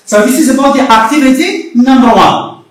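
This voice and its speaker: Echoey, distant woman teaching English. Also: sits high. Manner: slow, deliberate explaining with frequent repetition. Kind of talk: recorded remote classroom lesson. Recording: very echoey room, voice far from the mic.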